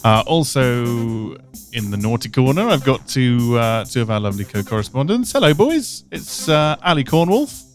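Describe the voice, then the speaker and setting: Man hosting a podcast, jokey, laughs a lot, mid-pitched voice. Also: animated, normal speed, soft background music. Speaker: podcast host. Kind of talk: casual podcast chat.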